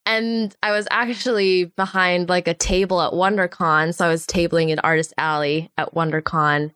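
A woman's voice: lowish voice, normal speed, few pauses, clear, resonant tone, no echo, clean studio sound. A woman in her twenties, a storyboard artist, chatting casually in an interview and animatedly acting out the voices of people in her stories. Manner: animated, acts out quoted voices.

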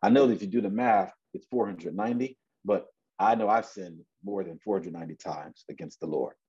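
A man in his forties delivers a sermon in a loose, conversational style, stumbling over and repeating words as he goes. His voice sits a bit low and sounds husky and mellow. The recording is dull and lo-fi. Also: a little fast. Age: 40s. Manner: conversational, repeats words and restarts, acts out voices in Bible stories. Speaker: preacher.

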